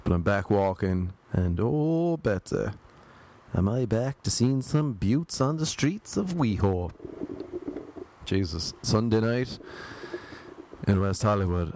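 A man hosts his own podcast alone, talking in a loose, rambling way and bantering with himself. His voice sits low, with a faint hiss behind it. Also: a little mellow. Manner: rambling, joking asides to himself. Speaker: podcast host. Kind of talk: casual solo podcast chat. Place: home in Los Angeles.

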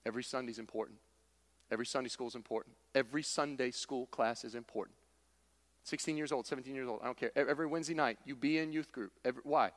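A man's voice: mid-range voice, quick pace, big-room sound. A man preaching a sermon, emphatic and repetitive, with folksy humor. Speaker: pastor.

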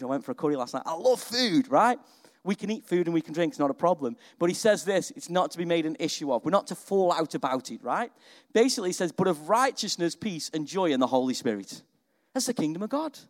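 A man preaching a sermon in a lively, conversational way, often asking his listeners questions. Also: fairly high pitch. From England.

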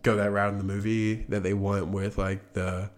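A man's voice: on the low side, little pitch movement, moderate pace. A young man co-hosting a podcast, casually retelling a film's plot in a loose, rambling way with lots of "like". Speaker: podcast co-host. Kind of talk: casual movie chat.

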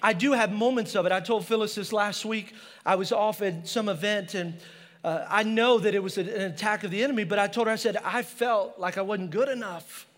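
Male pastor, very high voice, passionate preaching, personal stories, long church reverb. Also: fairly quick, fairly bright tone. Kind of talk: sermon.

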